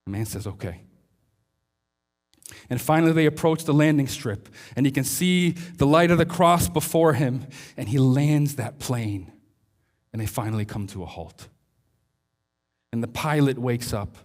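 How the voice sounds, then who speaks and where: A male pastor preaching a sermon, telling a story and slowing down to stress his key lines. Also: mid-range voice.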